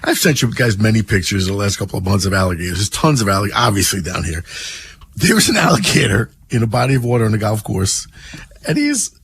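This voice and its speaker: A man co-hosting a casual radio show, a former cop telling lively, incredulous stories. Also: lowish voice, fast talker, slight background noise.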